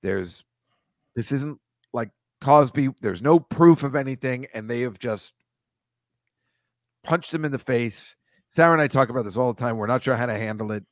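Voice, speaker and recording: A man's voice: mid-range voice, moderate pace, long pauses, dry recording. Profane, rambling male comedy host. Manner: rambling, profane, sarcastic asides. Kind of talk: casual comic riffing.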